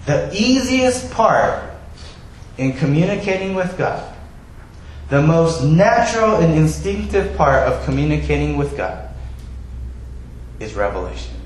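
A man's voice: fairly high pitch, moderate pace, long pauses, slight background noise. Man preaching in an echoey hall. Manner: animated storytelling, acts out quoted voices. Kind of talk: sermon. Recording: very echoey hall, faint ambience.

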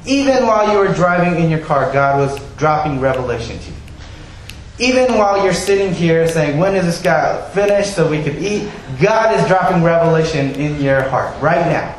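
Male preacher, animated sermon, very echoey hall, faint room noise. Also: fairly high pitch, moderate pace. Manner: animated storytelling, acts out quoted voices.

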